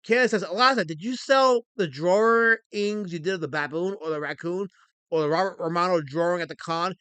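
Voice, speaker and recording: A man's voice: high voice, a little fast, clean tone, dry recording. A man hosting a casual live stream, scolding his chat with plenty of swearing. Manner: scolds chat, profane, animated. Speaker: streamer and host.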